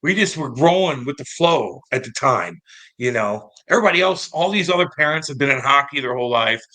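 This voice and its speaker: Bright-voiced animated former hockey player. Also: male voice, mid-range voice, a little fast. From St. Louis, United States. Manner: animated, profane, acts out quoted voices. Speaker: former pro hockey player, interview guest. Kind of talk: casual storytelling interview.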